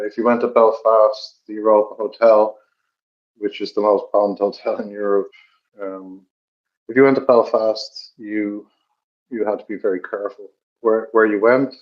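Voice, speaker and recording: A middle-aged man from Dublin with an Irish accent, telling stories in a measured, reflective way with many pauses. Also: fairly low pitch. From Ireland. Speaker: podcast co-host. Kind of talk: reflective storytelling chat. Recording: dull lo-fi recording.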